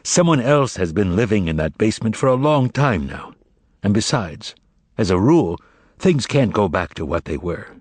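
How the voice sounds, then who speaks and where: A man's voice: on the low side, sing-song, moderate pace, breathy edge, no echo. A man voicing a weary, timid male writer who speaks hesitantly and tenderly.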